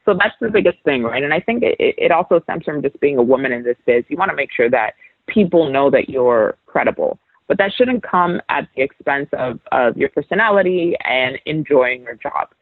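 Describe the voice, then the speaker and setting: A woman's voice: sits low, expressive, moderate pace, no echo. A young woman from New York City, a sports reporter guest, chatting casually with lots of fillers and restarts over a remote call. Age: young adult. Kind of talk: casual interview chat. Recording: tinny phone-like line.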